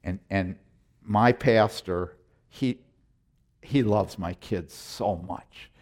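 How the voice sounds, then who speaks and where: A man's voice: low voice, very slow. Emphatic middle-aged male pastor preaching. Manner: emphatic, repeats words, swings from loud to hushed. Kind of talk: sermon.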